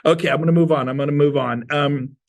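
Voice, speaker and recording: A male sales speaker with a gravelly, creaky edge to a slightly high voice. He tells his stories in a punchy, playful, folksy way and acts out every bit of dialogue. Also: fast. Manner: animated storyteller acting out dialogue. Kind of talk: storytelling talk to an audience.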